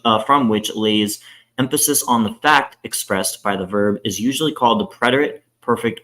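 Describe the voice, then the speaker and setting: Man, low voice, reading scripture aloud, careful and halting, with hesitant fillers. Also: a bit bright, poor audio. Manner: careful reading with frequent "uh" fillers and self-corrections. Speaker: scripture reader. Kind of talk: reading a Bible introduction aloud.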